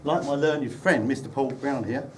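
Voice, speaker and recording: A man speaks in a mid-range voice at a moderate pace, telling dry, teasing stories about the groom at an indoor wedding reception. His comic timing is well judged. The microphone is distant and the room is loud.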